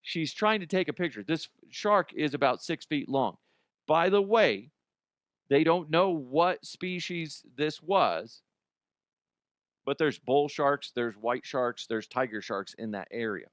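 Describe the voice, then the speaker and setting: This male host's voice sits a little high and comes across as animated, slow, and a bit bright, in a dry, studio-quality recording. He riffs casually on bizarre news stories, cursing and wandering off topic with incredulity.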